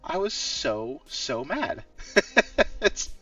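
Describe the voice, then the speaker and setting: A man's voice: on the high side, sing-song, very slow, pushed and bright, distant mic, dull audio, soft background music. A man hosting a casual gaming podcast, laughing often and swearing casually while he tells stories. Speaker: podcast host. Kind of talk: casual chat.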